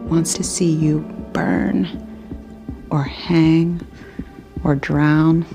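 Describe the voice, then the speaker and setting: An actress playing a cold, threatening witch in a drama, speaking in slow, deliberate threats over a music score. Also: low voice, level tone, vocal fry, full character voice. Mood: menacing. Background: film score music.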